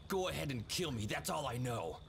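An actor playing a frightened male guerrilla captive who speaks haltingly in broken English under interrogation. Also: medium pitch, animated, vocal fry, a bit bright, breathy edge, exaggerated voice. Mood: scared. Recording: game audio with ambient noise.

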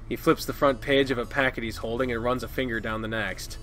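A man playing through a visual novel, reading the narration aloud in a casual style and reacting loudly between passages. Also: mid-range voice, steady tone, brisk, few pauses, soft background music.

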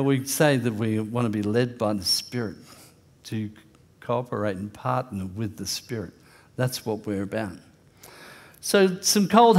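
Man preaching an earnest sermon. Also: mid-range voice. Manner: earnest, conversational preaching with light humor. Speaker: pastor. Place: church.

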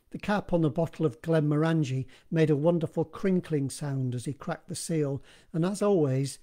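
A man narrating his own horror story in a steady, measured reading, recorded in one live take. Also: on the high side.

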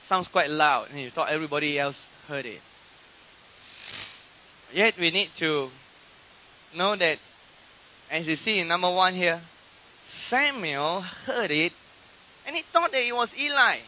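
A man preaching a sermon, teaching from scripture and acting out quoted voices with animated emphasis. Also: a little high, unhurried, pauses often, a little hiss or hum. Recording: dull lo-fi archive recording.

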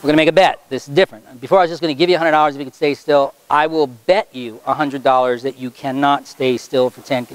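A man working as a stage hypnotist at a school show, brisk and playful with his volunteers and slow and low when putting them under. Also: steady tone, smooth, low-quality recording. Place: high school stage before a student audience.

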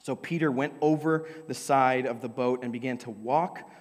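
A young adult man preaching a sermon into a microphone, telling the story with lively energy and sometimes dropping to a whisper. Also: medium pitch, normal speed. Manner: animated storytelling preacher, drops to a whisper for emphasis. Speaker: pastor. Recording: long hall reverb.

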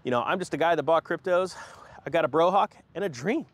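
A man hosting a casual crypto vlog in an animated, joking manner. His voice sits a little high and bounces up and down a lot as he talks. He likes to slip into mocking put-on voices when he makes fun of a company. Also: fast talker. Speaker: host of a crypto finance channel.

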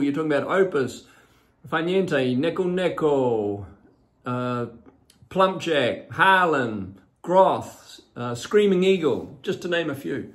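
A man with a New Zealand accent, a winemaker talking casually and keenly through a wine tasting. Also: a little high. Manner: enthusiastic, listing flavors.

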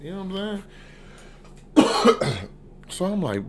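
A man's voice: high-pitched, sing-song, slow pace, very noisy. A man casually reviewing a TV episode, talking loosely and profanely, and leaning on "you know what I'm saying". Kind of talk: casual unscripted review vlog.

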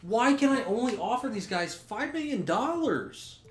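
Ranting young man with lively pitch. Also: normal speed. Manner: exasperated ranting, swearing, frequent restarts. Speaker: gaming YouTuber. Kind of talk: gameplay commentary. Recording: roomy echo with faint music.

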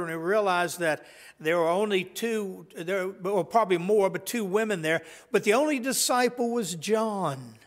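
A man preaching a sermon as pastor, conversational and halting, with frequent restarts and fillers. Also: sits high, long reverb tail. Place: church sanctuary.

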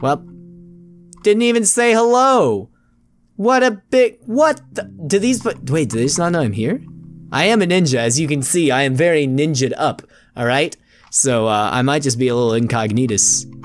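Playful, lively-pitched let's play guy. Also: moderate pace, faint music behind. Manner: playful, jokey, often addresses viewers as friends. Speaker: gaming video host.

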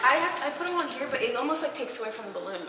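A woman's voice: high-pitched, animated, very fast, a crowd in the background. A woman chatting casually with a friend while they set up a party. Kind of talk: casual chat. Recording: echoey room with music behind.

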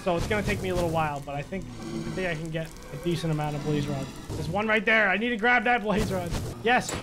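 A young man giving excitable live commentary while playing a video game, muttering one moment and yelling the next. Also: sits high. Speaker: gaming YouTuber.

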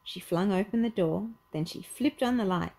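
A woman reading a children's picture book aloud in an expressive storytelling manner. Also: medium pitch, moderate pace, creaky, poor audio.

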